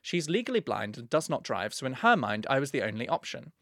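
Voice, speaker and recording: A man's voice: mid-range voice, sing-song, fairly quick, fairly bright tone, no room sound, studio quality. A young man co-hosting a podcast, reading listener letters in a camp, playful way. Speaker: podcast co-host.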